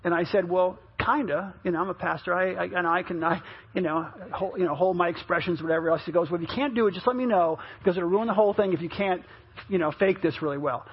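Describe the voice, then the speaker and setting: Husky high-voiced man pastor preaching. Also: fast talker, highs cut off. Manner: chatty storytelling with many restarts, rising and louder at the punchlines. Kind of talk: sermon with storytelling.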